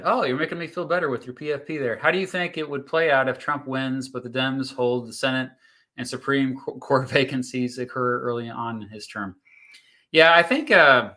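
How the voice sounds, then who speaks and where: A man hosts a casual livestream, reading viewer comments and explaining court rulings in a chatty way full of fillers and restarts. His voice is medium in pitch with a sharp tone.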